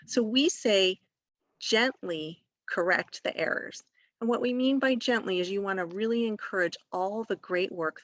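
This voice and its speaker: A woman's voice: medium pitch, fairly bright tone, no echo. A woman teacher walking parents through a home reading activity step by step, patient and encouraging, with frequent "um"s and "okay?" check-ins. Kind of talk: instructional walkthrough for parents.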